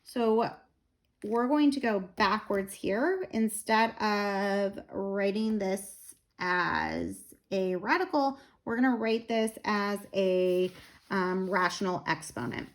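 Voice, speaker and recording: A woman, tired and a little out of breath, slowly explaining a math lesson step by step with fillers. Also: mid-range voice. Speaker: math teacher.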